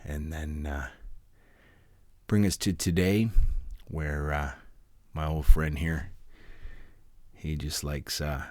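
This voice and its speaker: A man with an extremely deep voice talks in a halting, mumbled monologue, now and then sinking to a whisper. The sound is close and dry, with no room around it. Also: fairly even intonation, dry recording. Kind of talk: casual monologue.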